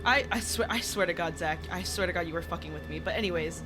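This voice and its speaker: A woman co-hosting a paranormal podcast, telling a story in lively casual chat, swearing often and laughing. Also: lowish voice, fast talker, music in the background. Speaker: podcast co-host.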